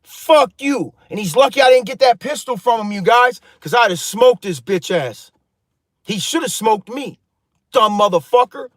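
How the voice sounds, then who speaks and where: A thirty-something storytelling vlogger speaks in a high, somewhat bright voice with lively intonation at a moderate pace, with no room sound. Heated and profane, he rambles casually through his story and addresses viewers as "you guys."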